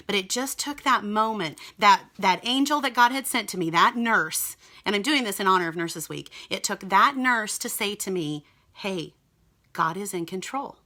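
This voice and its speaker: A young woman recounts a personal testimony in a casual, earnest spoken style. She talks straight to her audience, and her voice is bright and clear. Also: medium pitch, lively intonation, normal speed, few pauses. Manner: earnest, emotional, addresses viewers as "you guys". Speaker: mother sharing a personal testimony.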